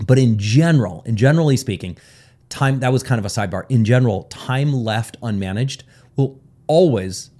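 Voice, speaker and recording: A man's voice: on the low side, warm tone. A man coaching on time management in a casual, rambling teaching talk, with frequent sidebars and "right?" check-ins.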